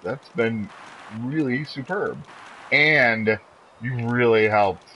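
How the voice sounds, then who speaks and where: A man streaming a video game live, chatting loosely with viewers and breaking into sudden excited outbursts and odd noises. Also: mid-range voice, takes it slowly, slight background noise. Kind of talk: casual live-stream chatter while playing.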